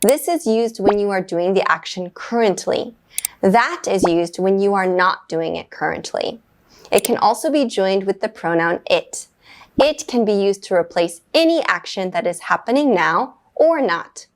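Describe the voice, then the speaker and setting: A woman teaching an English grammar lesson, explaining in a clear, measured way and giving short upbeat praise after each exercise. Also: mid-range voice, animated.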